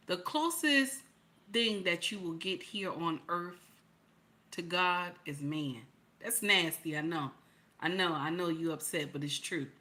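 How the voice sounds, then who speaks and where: Woman, livestream host, bright and forceful tone, blunt and colloquial, repeats lines for emphasis, lots of rhetorical questions. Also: fairly low pitch. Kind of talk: preachy livestream commentary.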